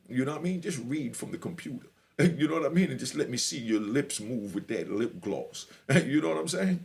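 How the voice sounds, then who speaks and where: A man's voice: medium pitch, brisk, creaky. A middle-aged man, telling a prison story in a swaggering, laughing way. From New York. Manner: animated, swaggering, laughs often, fills with "you know what I mean". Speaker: storyteller sharing prison stories. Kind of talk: casual storytelling.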